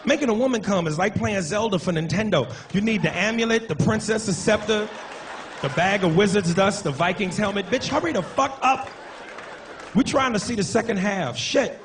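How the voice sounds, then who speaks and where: A man doing a stand-up comedy set on a club stage, brash and profane, breaking into shouted impressions. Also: high voice, slight background noise.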